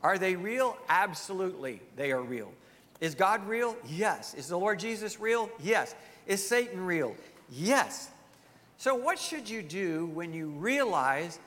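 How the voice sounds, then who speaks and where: Male pastor preaching hard, high bright voice, lots of rhetorical questions, echoey church hall. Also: sing-song, a little slow. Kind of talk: sermon.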